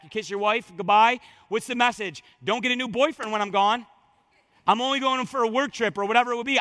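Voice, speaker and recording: A man preaching a sermon as pastor, emphatic and repetitive, swinging from loud declarations to hushed words. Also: extremely high pitch, fairly quick, no echo.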